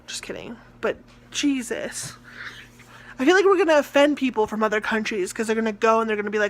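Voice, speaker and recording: Young American woman, theatre-student vlogger, slightly high-pitched, loose rambling rant. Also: a little fast. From United States. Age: young adult. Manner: rambling, ranting, heavy on filler words. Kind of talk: casual vlog chat.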